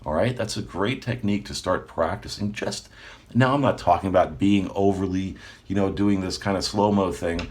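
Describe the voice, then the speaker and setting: A man with a notably low voice talks to his viewers like a personal coach. He keeps it relaxed and chatty, tossing in a quick "right?" every few phrases and breaking into a laugh now and then. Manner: relaxed, conversational, frequent "right?" check-ins, laughs often. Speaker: manifestation coach. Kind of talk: casual talk to camera.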